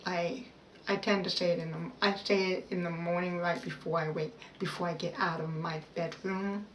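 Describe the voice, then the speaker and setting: A woman vlogging a personal self-help talk in a slow, halting, heartfelt way, pausing and restarting as she speaks. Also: fairly low pitch, fairly even intonation. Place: outdoors. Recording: roomy echo, voice a bit far from the mic, faint background noise.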